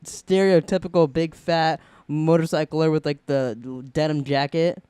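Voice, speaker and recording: A young man co-hosting a podcast at home, telling a story in an animated way, laughing and swearing freely. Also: a little high, moderate pace, clear, resonant tone, dry recording. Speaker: podcast co-host. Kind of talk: casual chat, storytelling.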